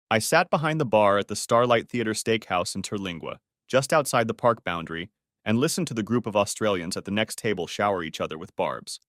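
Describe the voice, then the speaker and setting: A man narrating a first-person story in a steady, even reading. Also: fairly low pitch, dry recording, clean studio sound.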